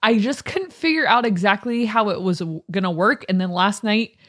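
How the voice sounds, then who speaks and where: A woman co-hosting a podcast in casual conversation. She talks in a chatty, animated way and laughs often, with a middle-pitched voice. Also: moderate pace. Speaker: podcast co-host.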